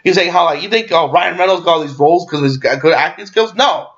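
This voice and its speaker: A young man rambling through a casual movie recap, excitable and swearing freely, with lots of fillers and restarts. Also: on the high side, fast, dull audio. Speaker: movie reviewer.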